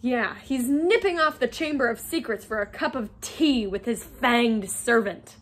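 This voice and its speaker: A woman reading aloud as a teasing schoolboy wizard, slow and mocking. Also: a little high, a bit bright. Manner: chortling, mocking.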